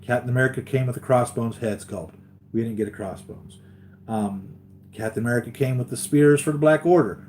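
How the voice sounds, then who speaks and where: A man's voice: mid-range voice, a little fast, a little mellow, a little hiss or hum. A man hosting a live collectibles stream, chatting casually with viewers, tired after a sleepless night and rambling with many restarts.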